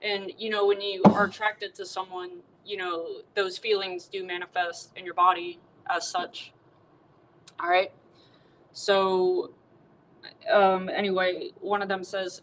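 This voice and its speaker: A woman's voice: lowish voice, little pitch movement, normal speed, a bit bright, slight background noise, low-quality recording. A woman hosting a casual livestream, telling a bawdy comic story with chatty asides to her viewers. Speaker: livestream host.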